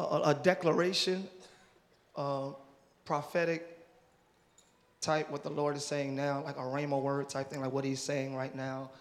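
A male pastor talking playfully with his congregation during a live church service, joking and welcoming visitors. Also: on the high side. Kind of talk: live sermon crowd work. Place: large church auditorium. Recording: live church hall with crowd noise.

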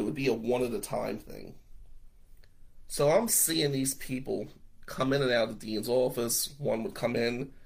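Gravelly husky man telling a blunt story. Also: medium pitch, poor audio. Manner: animated, blunt, swears freely. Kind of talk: casual storytelling to camera.

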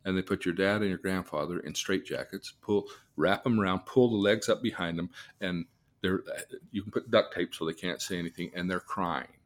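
A man, a therapist, telling a case story, acting out the voices of the people in it and moving between soft, low asides and loud, excited bursts. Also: normal speed. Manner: vivid storyteller, acts out the people in his stories.

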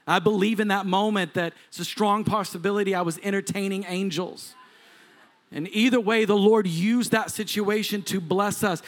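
A man in his forties preaching as a pastor, telling a personal story, acting out quoted voices with laughs along the way. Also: sits high. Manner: animated, acts out quoted voices, laughs often. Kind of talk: sermon storytelling.

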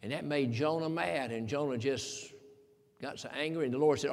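A man with a medium-pitched voice preaches at normal speed in a hall with long reverb. He delivers a folksy, emphatic sermon, quoting scripture in King James wording.

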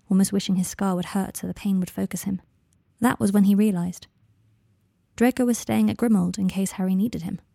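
A woman narrating a fan fiction audiobook in a measured, even storytelling manner. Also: mid-range voice, gravelly, dry recording.

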